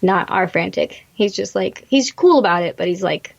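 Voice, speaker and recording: A woman's voice: mid-range voice, lively intonation, moderate pace, gravelly. Chatty woman podcaster, muffled audio. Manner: chatty, rambling, laughs often. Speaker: podcast co-host. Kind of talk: casual recap chat.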